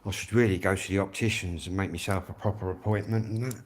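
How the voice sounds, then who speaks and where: Lower-voiced rambling man with a Kent accent. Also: fairly even intonation, fast. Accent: Kent English. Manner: rambling, chatty, swears freely. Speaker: music channel host. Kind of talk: casual live-stream chat.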